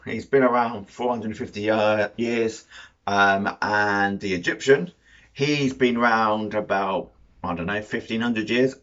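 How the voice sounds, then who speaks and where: A man chats through a film review in a middle-pitched voice, drifting off track and then catching himself. His humour is dry and a little sarcastic, and the recording sounds dull and lo-fi. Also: fairly bright tone. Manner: rambling, loses his thread and corrects himself. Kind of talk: casual spoken film review.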